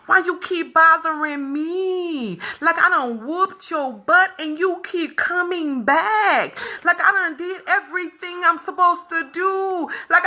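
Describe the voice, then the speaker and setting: High, forceful woman speaking emphatically. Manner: emphatic, repeats phrases for weight, animated. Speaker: vlogger speaking to her viewers. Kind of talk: candid casual monologue.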